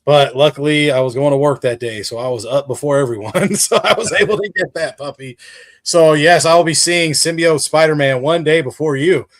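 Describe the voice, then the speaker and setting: A man's voice: fairly high pitch, fairly quick. A man who is a guest on a livestream, chatting casually and enthusiastically with lots of fillers. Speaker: guest creator.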